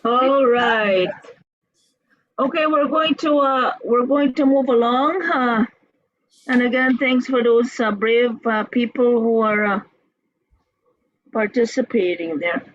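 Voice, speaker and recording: A language teacher leading an online class in a relaxed, halting way with many fillers, heard over a video call. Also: medium pitch, dry recording, lo-fi sound.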